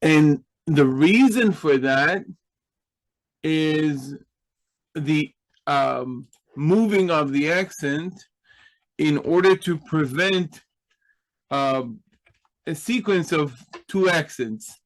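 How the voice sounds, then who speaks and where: A man's voice: on the high side, extremely slow, pauses often, low-quality recording. A man teaching a Hebrew grammar class, explaining patiently and checking in with his students.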